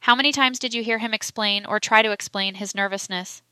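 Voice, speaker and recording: A woman reading the lines of a forceful male prosecuting solicitor, pressing and emphatic in his questions. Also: mid-range voice, fairly even intonation, brisk, smooth, no room sound, close to an everyday voice.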